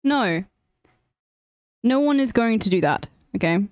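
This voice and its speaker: A woman's voice: fairly high pitch, expressive, unhurried, a little mellow, no echo, clean studio sound. A woman streamer chatting frankly with viewers, giving blunt advice and swearing freely. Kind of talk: casual chat with viewers.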